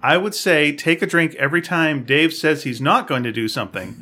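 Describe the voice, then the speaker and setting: A man's voice: on the high side, brisk, sharp tone. A man co-hosting a podcast in casual chat, rambling with many fillers and restarts. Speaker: podcast co-host.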